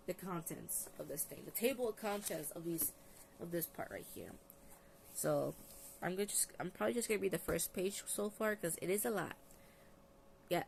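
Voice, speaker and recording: A woman's voice: fairly low pitch, a little hiss or hum. A tired woman vlogger chatting casually about books, rambling with restarts and reading out long lists. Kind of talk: casual book review. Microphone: phone.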